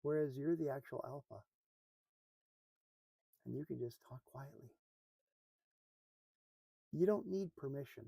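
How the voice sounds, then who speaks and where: A man giving an earnest motivational talk, repeating phrases and often dropping to a soft, hushed voice for emphasis. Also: medium pitch, measured pace, gravelly, pauses often, breathy edge, no echo, poor audio. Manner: earnest, repetitive, drops to a soft hush for emphasis. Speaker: motivational speaker.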